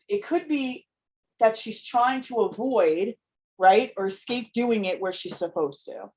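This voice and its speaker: A woman in her thirties hosting a live Q&A as a parenting coach, talking candidly and emotionally, swearing freely and checking in with "right?". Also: medium pitch. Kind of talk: casual live-stream talk.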